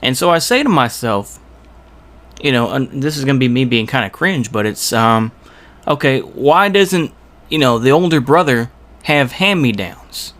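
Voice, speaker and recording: A man's voice: mid-range voice, lively intonation, moderate pace, a bit bright. A man giving rambling reaction commentary on a video, exasperated and full of rhetorical asides.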